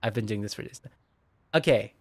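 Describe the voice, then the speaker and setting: A man's voice: on the low side, brisk. Man reading a visual novel aloud. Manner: expressive, jumps into loud yelps and laughs. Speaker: streamer. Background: game music.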